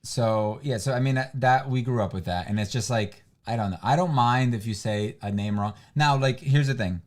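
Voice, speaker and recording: A man's voice: mid-range voice, normal speed. A man who immigrated to the country, chatting casually on a livestream with lots of restarts and asides. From immigrant, foreign-born. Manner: rambling, animated, lots of restarts. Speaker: livestream co-host. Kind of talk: casual chat.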